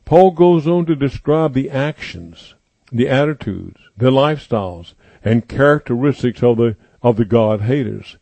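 A male preacher delivering a sermon, repeating his points slowly and with emphasis. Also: medium pitch, lively intonation, creaky, dark tone, no echo. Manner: slow emphatic repetition, declaring.

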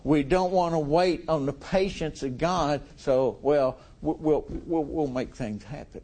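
A man's voice: fairly high pitch, measured pace, warm tone. A middle-aged man preaching a sermon in a folksy way, chuckling with his congregation.

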